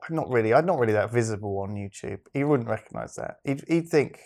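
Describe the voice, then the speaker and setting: Man, casual banter, joking, laughs often, lively swinging pitch. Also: fast talker. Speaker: podcast co-host.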